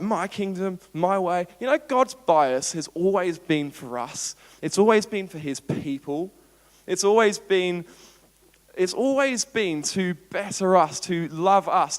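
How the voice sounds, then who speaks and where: An Australian man preaching a sermon as pastor, animated and playful, acting out everyday scenes. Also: high-pitched. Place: church auditorium. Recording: long church hall reverb.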